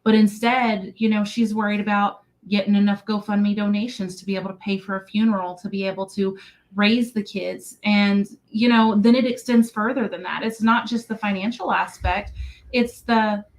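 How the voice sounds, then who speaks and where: A woman's voice: medium pitch, fairly even intonation, normal speed, poor audio. A woman speaks as a guest on a radio show, an insurance agent. She talks in an earnest, conversational way. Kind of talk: radio interview.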